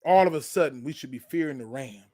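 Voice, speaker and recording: A man's voice: mid-range voice, quick pace, dark tone. A man hosting his own sports channel, delivering a fired-up fan rant that hammers the same points again and again. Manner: fired-up, preachy, repeats points.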